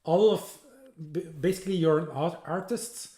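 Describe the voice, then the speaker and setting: A man with a fairly high voice hosts a casual interview over a video call. His speech halts and restarts constantly, and the room behind him is echoey. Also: dark tone. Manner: halting, many fillers and restarts. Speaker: host, interviewer.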